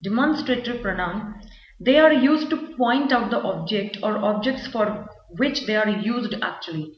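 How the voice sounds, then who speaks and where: A woman teaching a grammar lesson, explaining slowly and repeating her examples with small fillers. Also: mid-range voice. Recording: echoey, dull lo-fi recording.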